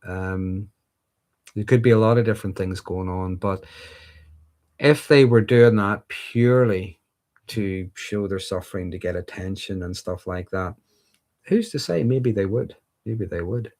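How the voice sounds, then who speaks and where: Middle-aged Northern Irish male livestream host, deep voice, thoughtful and rambling, reading and answering viewer questions. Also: a little slow, a little mellow. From Northern Ireland. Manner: thoughtful, rambling, frequent ums and restarts. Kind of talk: casual livestream chat.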